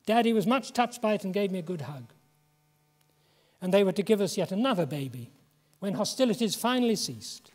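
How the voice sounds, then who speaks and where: A man in his seventies from England giving a reflective public lecture, measured and slowing for emphasis. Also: high-pitched, lively intonation, darkish tone. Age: 70s. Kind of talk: public lecture and poetry reading. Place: lecture hall. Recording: long hall reverb.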